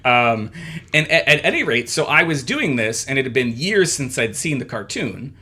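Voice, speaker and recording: A man with a bright, forceful voice chats casually on a podcast, excitedly recounting a story. He stumbles into restarts as his enthusiasm runs ahead of him. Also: medium pitch, moderate pace, a little hiss or hum. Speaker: podcast co-host. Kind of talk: casual chat.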